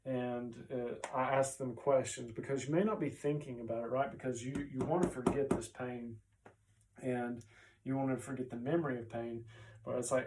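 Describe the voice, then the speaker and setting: A man's voice: mid-range voice, fairly even intonation, normal speed, darkish tone, distant mic, low-quality recording. A man, a chiropractor, explaining health ideas in a casual, conversational way, often checking in with "right?" and pointing to a chart as he goes.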